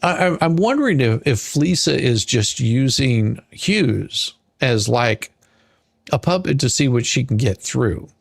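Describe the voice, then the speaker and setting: Exasperated male commentator, slow and husky, dry close sound, sarcastic rant. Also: medium pitch, sing-song, no echo. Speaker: commentator reading a court filing. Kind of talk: ranting commentary.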